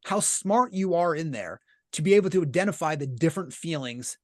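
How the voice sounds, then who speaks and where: Podcast guest: a man with a fairly high voice, earnest and explanatory, recorded dry and close. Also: expressive, a little fast, no room sound. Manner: earnest, explanatory, uses many rhetorical "right?" checks. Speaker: podcast guest, business leader. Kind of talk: casual conversational interview.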